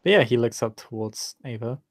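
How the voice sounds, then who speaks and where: A man's voice: medium pitch, animated, brisk, no room sound, studio quality. A man running a tabletop role-playing game as game master, playful and stammering, narrating and voicing characters in a casual way. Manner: stammering, playful, laughs often.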